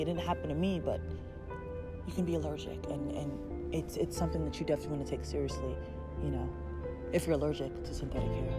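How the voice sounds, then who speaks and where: A young woman reviewing hair products in a casual vlog, earnest and emphatic, repeating her points. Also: medium pitch.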